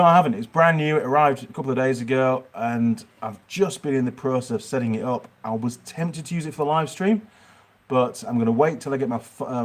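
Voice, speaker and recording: Middle-aged Yorkshire man, mid-range voice, rambling livestream host answering viewers from his workshop. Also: medium pitch. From Yorkshire, England. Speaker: mechanic channel host. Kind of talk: livestream Q&A chat.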